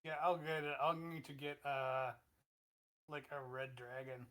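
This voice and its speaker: A man playing in a tabletop role-playing game, talking in halting bursts full of fillers. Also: a little high, steady tone, a bit bright. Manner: halting, lots of fillers and restarts. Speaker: player.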